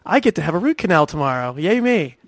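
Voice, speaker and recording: A man's voice: a little high, very animated, quick pace, no room sound. A man hosting a veterinary podcast, talking casually with many restarts and fillers.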